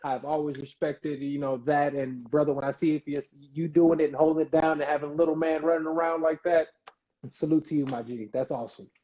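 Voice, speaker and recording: A man's voice: fairly high pitch, little pitch movement, a little fast, highs cut off. A man hosting a casual live-stream interview, talking loosely with slang and repeated words. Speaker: interview host. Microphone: video call.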